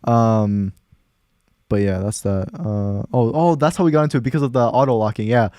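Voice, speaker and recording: A man's voice: medium pitch, normal speed, no echo, clean studio sound. A young man hosting a casual podcast chat, telling stories and acting out what people said. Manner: animated storyteller, acts out quotes. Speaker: podcast host.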